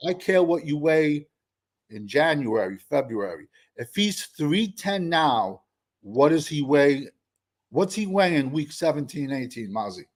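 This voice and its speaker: A man's voice: fairly high pitch, sing-song, a little slow. A man arguing football in a heated sports debate, sarcastic and insistent, repeating his questions. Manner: sarcastic, argumentative, repeats himself.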